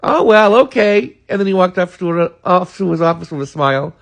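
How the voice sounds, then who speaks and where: A man's voice: on the high side, brisk, creaky, fairly bright tone. A man, earnestly recalling college days in a rambling monologue full of fillers. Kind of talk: casual reminiscing monologue.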